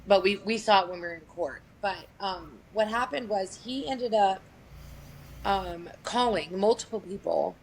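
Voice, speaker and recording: A woman's voice: medium pitch, unhurried, slight background noise, low-quality recording. A woman telling a true family story in a candid, conversational way. She is blunt, swears freely and speaks matter-of-factly, with frequent fillers. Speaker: guest sharing a family story.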